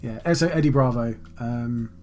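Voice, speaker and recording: A man talks casually on a podcast, his humour dry and teasing. His voice holds a middle pitch, with faint music under it. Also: a little slow, darkish tone. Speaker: podcast co-host. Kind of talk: casual chat.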